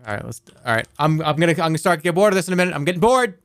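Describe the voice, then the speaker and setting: This man sounds animated and a bit bright, his voice on the high side, with no room sound at all. He's a streamer in his thirties who jokes and chats while gaming, reacting fast and reading chat aloud along the way.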